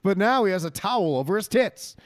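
A man hosts a podcast in loose, casual chat, cursing freely and hyping things up with mock enthusiasm. His voice sits a bit high and swings widely in pitch. The sound is dry and close. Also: expressive, a little fast, dry recording. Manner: profane, riffing, mock-hyped. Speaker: podcast host.

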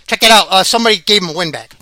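A man hosting a sports podcast, chatting in a rambling, excitable way and laughing often. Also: sits high, very fast. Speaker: podcast host. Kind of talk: casual rambling sports chat.

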